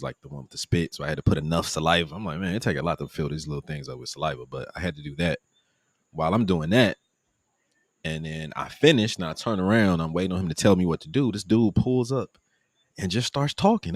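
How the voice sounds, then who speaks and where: Animated gravelly man telling a travel story. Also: quick pace, no room sound, studio quality. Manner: animated, acts out quoted people in a higher voice. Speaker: vlogger live-streaming his trip. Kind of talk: casual storytelling.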